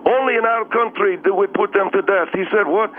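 Very high-voiced man on a phone line. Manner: broken English, halting and emotional. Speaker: caller. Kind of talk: rambling call-in storytelling. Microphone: telephone. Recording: phone line with faint hiss.

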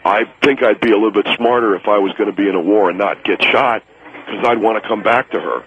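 Here the performer pitches his voice somewhat below his natural one, though close to everyday speech, to play a smug, nasal telemarketer in his 20s in a radio comedy sketch. The character slurs, boasts and sweet-talks, spoken fast with a fairly bright tone over dull broadcast audio with a little hiss or hum.

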